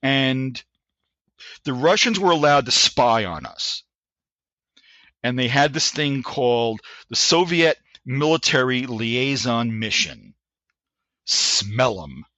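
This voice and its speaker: A man in his sixties telling a story as a podcast guest. He talks in an animated way, with frequent restarts, and acts out the voices of people he quotes. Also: mid-range voice, slow pace, pauses often, no echo, dull audio. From United States. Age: 60s. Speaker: guest, Army veteran. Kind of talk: anecdotal storytelling in a podcast interview.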